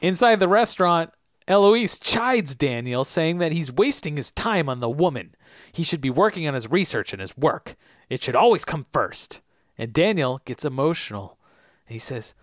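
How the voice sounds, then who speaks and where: A lively man with a pitch that swings all over as he chats through a recap of an episode. He slips in and out of goofy impressions of the characters. The sound is close and dry. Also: normal speed, no echo. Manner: animated, acts out characters in silly voices. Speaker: podcast co-host. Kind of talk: casual recap chat.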